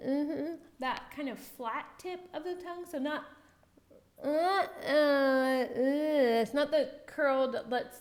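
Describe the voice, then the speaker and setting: Woman, slightly high voice, unhurried and chatty, drilling sounds in a casual lesson. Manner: chatty, self-interrupting, demonstrates sounds slowly. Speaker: language learner teaching pronunciation.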